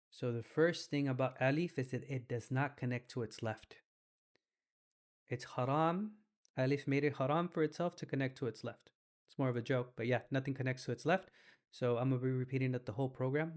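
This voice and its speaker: A young man teaches Arabic letters in a loose, easygoing way, with a mid-pitched voice. He drags out sounds slowly to model pronunciation and slips into slangy asides. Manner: relaxed, slangy, drawn-out demonstration of sounds. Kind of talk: casual recorded lesson.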